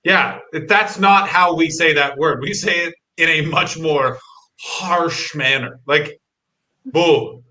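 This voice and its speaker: A man's voice: fairly high pitch, takes it slowly, pushed and bright. A Canadian man chatting casually as co-host, rambling and correcting himself with wry asides. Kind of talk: casual chat.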